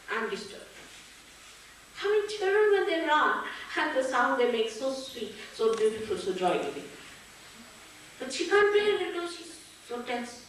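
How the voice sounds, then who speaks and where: A woman's voice: on the high side, a little hiss or hum. Older woman, echoey far-off hall. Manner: storytelling, lively, laughs often. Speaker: spiritual teacher. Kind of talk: spiritual talk to an audience.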